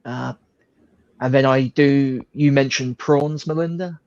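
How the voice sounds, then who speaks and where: A relaxed man chatting casually, salty in his language and quick to laugh. His voice comes through a dull, lo-fi mic. The sound is dry and close, with no room around it. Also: medium pitch, no room sound. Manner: relaxed, swears, laughs easily. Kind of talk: casual chat.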